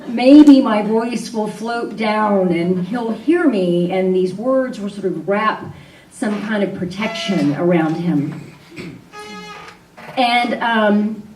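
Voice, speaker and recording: A woman on stage in an arts venue, telling a personal story live, candid and conversational with frequent fillers. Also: medium pitch. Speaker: storyteller and event host. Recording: roomy hall sound, voice from a distance.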